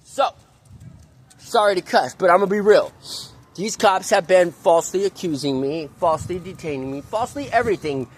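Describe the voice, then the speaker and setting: A man's voice: high-pitched, moderate pace. A man venting angrily outdoors in a park, swearing often and repeating himself as he rants. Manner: profane, ranting, repetitive. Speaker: vlogger. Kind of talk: angry venting monologue.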